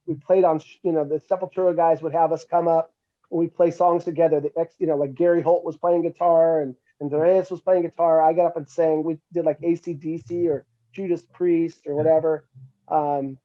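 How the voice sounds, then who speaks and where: Over phone-quality sound, a middle-aged man with a slightly high voice tells stories casually as an interview guest. The metal musician gets animated, acting out other people's words with a raised voice.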